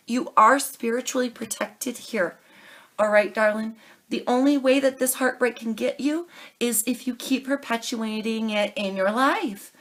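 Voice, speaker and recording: Young woman reading tarot cards, earnest and pleading, kinda high voice, keeps saying darling. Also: a bit bright. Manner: earnest, pleading, calls viewers darling and baby. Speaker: tarot reader. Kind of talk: casual tarot reading to camera.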